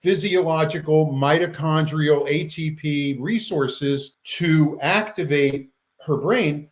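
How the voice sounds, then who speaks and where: Male interview guest, higher voice, animated storyteller who acts out the quotes. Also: slow pace, poor audio. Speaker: guest researcher.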